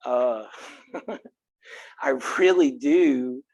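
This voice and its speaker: A man from Texas teaching a college philosophy class, frank and earnest and quick to crack a joke, recorded on a close mic in a classroom. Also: mid-range voice, darkish tone, no room sound, lo-fi sound. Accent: Texan. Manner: earnest, frank, joking, speaks directly to students. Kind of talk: classroom lecture.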